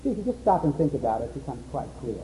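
A man's voice: mid-range voice, rapid-fire, slight background noise, poor audio. A man teaching a Bible sermon, acting out quotes and dialogue in a raised voice. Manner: animated, acts out quotes in a raised voice. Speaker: preacher.

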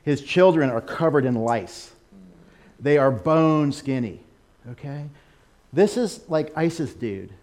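An American man giving a sermon over a slideshow, animated, with laughing asides and excited exclamations. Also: fairly high pitch, takes it slowly. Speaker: missionary speaker.

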